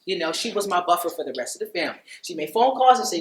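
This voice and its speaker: A man's voice: high-pitched, expressive, rapid-fire, roomy sound. A man in his thirties telling a personal story in a conversational way. He laughs often and fills his talk with "you know". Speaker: speaker at a dinner talk.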